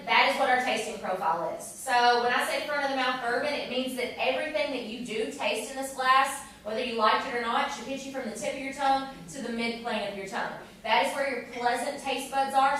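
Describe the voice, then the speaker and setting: A woman's voice: on the high side, fairly bright tone, slight background noise. A woman tour guide leading a guided tasting, upbeat and instructive, quizzing her group as she explains. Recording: echoey room, distant mic, group chatter.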